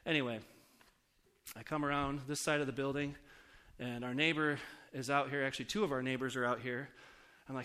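A man's voice: mid-range voice, steady tone, fairly quick, pushed and bright, clear, resonant tone. A pastor preaching a casual, story-driven sermon to his congregation, often asking the audience questions. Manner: conversational, asks the audience questions.

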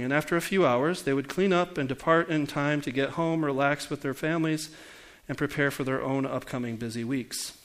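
The pastor, a man in his forties, questions his congregation throughout a conversational church sermon. His voice is a little high and fairly bright.

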